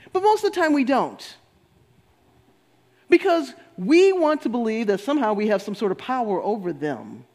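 A man giving a spiritual talk, animated, often laughing and repeating words for emphasis. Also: high voice. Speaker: spiritual speaker. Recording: long hall reverb.

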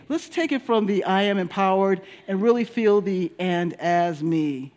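A man's voice: high voice, moderate pace, few pauses, a little mellow. A man giving an emphatic, repetitive sermon as a minister. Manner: emphatic, repetitive preaching with rising and falling delivery.

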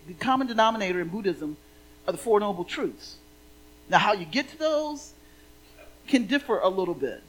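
A woman's voice: fairly high pitch, poor audio. A woman minister giving a sermon in a playful, conversational way.

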